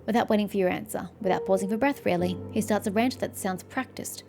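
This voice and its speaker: A woman playing a story game, reading its narration aloud in a plain, even way, with faint game music behind. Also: medium pitch, fast, few pauses. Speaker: game streamer.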